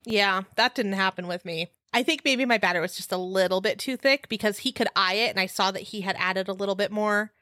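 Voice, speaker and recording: A woman's voice: medium pitch, fairly quick, hardly any pauses, bright, forceful tone, no room sound, studio quality. A woman co-hosting a casual podcast chat, laughing often as she talks. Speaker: podcast co-host.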